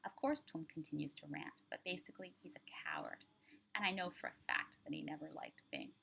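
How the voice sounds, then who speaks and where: A woman author reading her own crime story aloud in measured, low-key narration. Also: wildly swooping pitch, vocal fry, pushed and bright, whispered.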